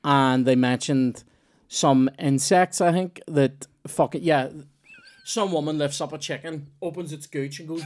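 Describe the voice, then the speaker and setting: A man's voice: a little high, steady tone, unhurried, a little mellow, slight background noise. A man hosting a comedy podcast, telling rambling, sweary anecdotes full of restarts. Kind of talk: casual storytelling chat.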